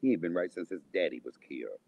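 Brief: husky, low-voiced man, angry vlog rant, lively pitch swings. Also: quick pace, lo-fi sound. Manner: heated, insulting, swings loud and quiet. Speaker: vlogger. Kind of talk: angry profane rant to camera.

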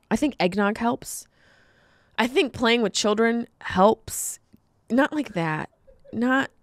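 Female comic host, animated storyteller, mid pitch, dry close sound. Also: dry recording. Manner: animated storytelling, jokey asides. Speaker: podcast host and comedian. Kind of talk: comedic monologue.

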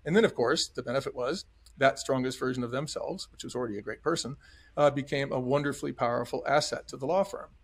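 Talking fast at a medium pitch, a middle-aged man guesting on a podcast relates his time as a restaurant chain executive. He's earnest and emphatic, regularly acting out other people's words.

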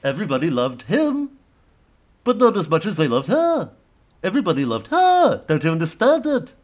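Brief: comic as a repetitive male pundit, animated pitch, gushing. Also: normal speed. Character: gushing male commentator, insistent.

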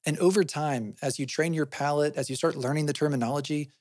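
A man's voice: fairly high pitch, steady tone, fast talker, darkish tone, no echo, studio quality. A man hosting a podcast, explaining things in a conversational way and often asking himself questions, then answering them. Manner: often adds "right?" as a tag. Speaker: podcast host.

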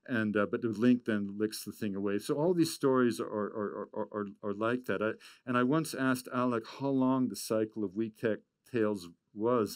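A man giving a storytelling talk, animated and full of stammered restarts. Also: fairly low pitch, dry recording. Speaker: speaker.

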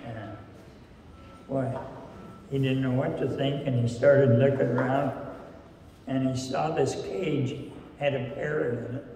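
A man preaching a folksy sermon at a rehab center, telling a joke story in a slow, plain-spoken way. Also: medium pitch, fairly even intonation, dark tone, a little hiss or hum. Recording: echoey hall from far off.

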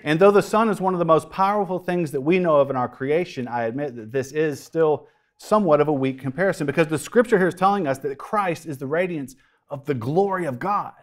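A man preaching a sermon with a slightly high voice. He tells the story vividly and drops easygoing, joking asides along the way. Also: fairly quick. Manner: dramatic storytelling, casual asides. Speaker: pastor.

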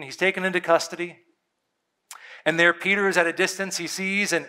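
A man's voice: a little high, pushed and bright. A male pastor preaching a sermon in an earnest, emphatic way, repeating key points for weight.

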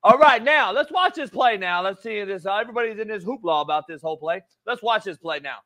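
A man putting on a loud, high-pitched football coach voice that scolds a player and keeps calling him "son". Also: lively intonation, fast talker. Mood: scolding. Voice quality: shouts and drawls "son" at the end of lines. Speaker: sports show host. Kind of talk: film-breakdown sports commentary.

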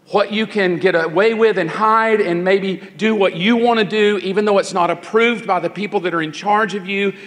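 A middle-aged man preaching a sermon at a youth conference, his voice pitched high for a man. His delivery is brisk and animated. The sound carries a long reverb from a church sanctuary. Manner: quick, animated preaching with mimicked voices of teens. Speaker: guest speaker at a youth conference.

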